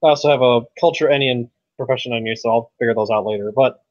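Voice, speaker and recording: A man's voice: medium pitch, steady tone, fast talker, no room sound. A man playing a tabletop game, talking casually and joking around. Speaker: player. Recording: dry, lo-fi recording.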